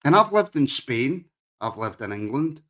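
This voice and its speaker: A man's voice: mid-range voice, very animated, moderate pace, fairly bright tone. A Scottish man with a Glaswegian accent, hosting a casual football podcast and teasing his co-host, often repeating his words as he talks. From Scotland.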